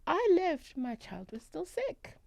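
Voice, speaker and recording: A South African woman, a guest and traditional healer, telling her story in an animated, emphatic way in a studio interview. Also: high voice, takes it slowly, creaky, no room sound. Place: radio studio.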